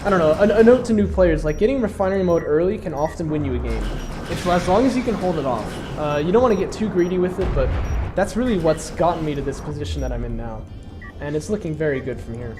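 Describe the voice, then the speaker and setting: A man's voice: fairly high pitch, animated, quick pace, music in the background. A congested man casually commentating his own strategy game match, explaining his moves with plenty of fillers.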